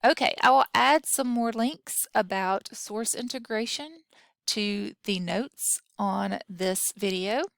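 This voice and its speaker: Woman instructor, unhurried patient explainer, slight vocal fry, dry close recording. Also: medium pitch, a bit bright, no room sound. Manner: patient, explanatory, talks through examples aloud. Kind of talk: recorded grammar lesson.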